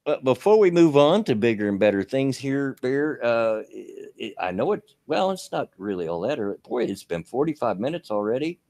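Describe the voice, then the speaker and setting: A man's voice: mid-range voice, sing-song, normal speed, few pauses, a little mellow, dry recording. A man with a mid-range voice co-hosts a casual live stream from a dry, close mic. He talks in a folksy, rambling way and laughs easily between thoughts. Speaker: co-host of a live stream show.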